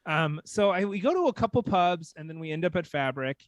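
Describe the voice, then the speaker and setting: A man from small-town Texas telling a casual story as a podcast guest, animated and full of "like". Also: on the high side, brisk, no room sound, studio quality. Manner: animated, heavy use of "like".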